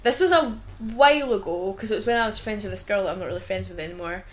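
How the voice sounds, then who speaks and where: A woman's voice: mid-range voice, fast. A young Scottish woman co-hosting a podcast, chatting casually, laughing often and swearing freely. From Scotland. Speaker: podcast co-host. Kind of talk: casual chat.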